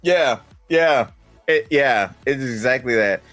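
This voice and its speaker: Laughing, animated man telling a story. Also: slow, soft background music. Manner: animated storytelling, acts out his own reactions in high squeaky voices; laughs a lot. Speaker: podcast co-host. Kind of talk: casual chat.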